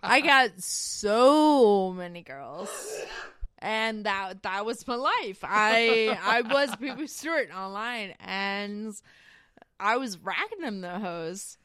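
A woman's voice: mid-range voice, animated, takes it slowly, fairly bright tone, smooth, no room sound. A young woman co-hosting a casual podcast, telling a story with lots of laughter and swearing. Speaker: podcast co-host.

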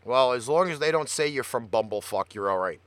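A man's voice: mid-range voice, expressive, fairly quick, dry recording. A man with a Brooklyn accent, hosting a casual radio show and swearing freely in blunt banter. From Brooklyn, New York.

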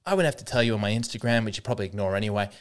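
A man's voice: lowish voice, racing. A young Australian man hosting his own comedy podcast, talking in a sardonic, self-deprecating solo monologue full of mock-earnest irony.

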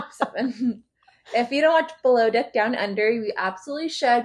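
A woman co-hosting a casual podcast, telling gossipy stories about reality shows and swearing freely. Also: on the high side. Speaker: podcast co-host. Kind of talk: casual chat.

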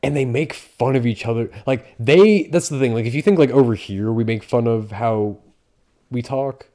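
A man's voice: mid-range voice, normal speed, warm tone. A man co-hosting a podcast in casual, rambling chat full of fillers and swearing. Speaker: podcast co-host.

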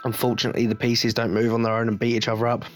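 A man's voice: mid-range voice, monotone, very fast, soft background music. Blunt, swearing English man ranting. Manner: blunt, jokey, swearing freely. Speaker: podcast host. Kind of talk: casual rant.

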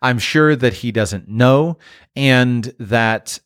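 Man, mid pitch, thoughtful, stop-and-start phrasing, dry close sound. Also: drawn-out words, fairly bright tone, clean tone, no echo. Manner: thoughtful, restarts and trails off. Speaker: parent talking about language learning. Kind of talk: casual monologue.

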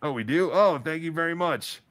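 A man's voice: on the high side, animated, fairly quick, a bit bright, no room sound. A man hosting a casual live-stream talk show, joking and teasing his co-host with mock indignation.

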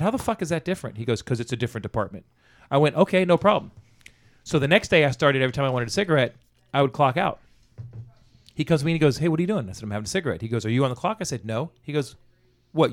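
Fast-talking man swearing through a work story. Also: mid-range voice. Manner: profane, animated anecdote-telling with quoted dialogue. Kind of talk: casual storytelling chat.

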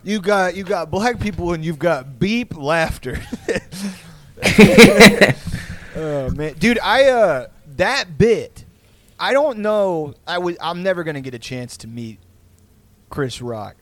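A man's voice: sits high, animated, takes it slowly, a bit bright. A man in casual podcast chat, rambling with lots of fillers, swearing and laughing often.

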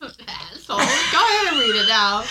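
A woman's voice: on the high side, very animated, normal speed, pushed and bright, a little hiss or hum. A woman co-hosting a casual podcast, teasing her co-host and laughing often.

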